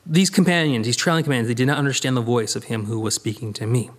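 A man's voice: medium pitch, racing. A man teaching a verse-by-verse Bible study as a minister, talking conversationally and acting out the quoted lines. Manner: lively, conversational, reads scripture aloud and acts out quoted lines.

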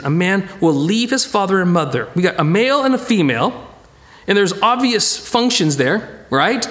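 A middle-aged man, preaching a Bible study sermon in a conversational, animated way and acting out quotes. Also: sits high. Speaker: pastor teaching a Bible study.

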